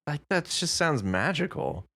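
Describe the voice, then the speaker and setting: A woman's voice: low voice, unhurried, vocal fry. A woman co-hosting a podcast, chatting casually and jokingly about a story, playing with words. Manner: animated, joking, playful with words. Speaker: podcast co-host.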